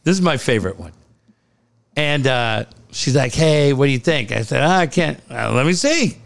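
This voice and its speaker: A man with a mid-range voice and vocal fry speaks at a moderate pace as co-host of a casual podcast. He tells stories animatedly, laughing often and swearing freely.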